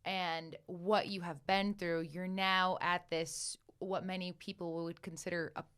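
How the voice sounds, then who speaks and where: A woman's voice: lowish voice, flat delivery, a little slow, fairly bright tone, smooth. A woman hosting a casual interview podcast, affirming her guest with short backchannels and summing up his story. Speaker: podcast host.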